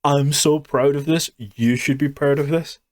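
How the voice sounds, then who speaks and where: A man's voice: fairly high pitch, fairly even intonation, measured pace, dry recording, clean studio sound. A man reviewing a show in a sarcastic, mocking rant. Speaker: YouTube reviewer. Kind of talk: ranting review.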